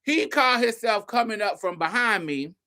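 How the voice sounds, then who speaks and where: A woman's voice: a little high, animated, moderate pace, bright, forceful tone. A woman hosting a show, casually telling a story to her listeners, swearing freely and calling them y'all, honey and baby. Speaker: host.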